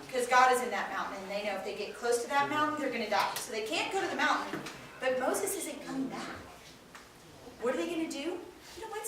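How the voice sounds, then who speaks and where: A woman telling a Bible story to children with lively expression, quizzing them as she goes. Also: sits high. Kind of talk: animated Bible lesson for kids. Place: classroom with children. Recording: echoey room, far from mic, noisy.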